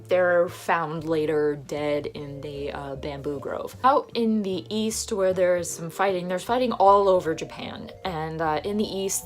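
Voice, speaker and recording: A young woman casually retelling and reviewing a film, gushing and full of fillers. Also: low voice.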